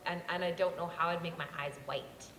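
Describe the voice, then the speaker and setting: A woman answering fans on a convention panel, telling stories in a bubbly, animated way. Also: fairly low pitch, brisk. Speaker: voice actress panelist. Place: convention hall. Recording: echoey hall with crowd and noise.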